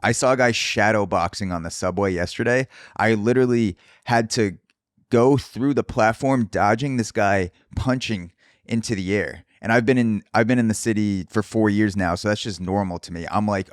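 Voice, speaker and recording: A male podcast host giving an animated solo monologue and casually swearing as he acts out quoted voices. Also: fairly low pitch, normal speed, dry recording, clean studio sound. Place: Brooklyn, New York.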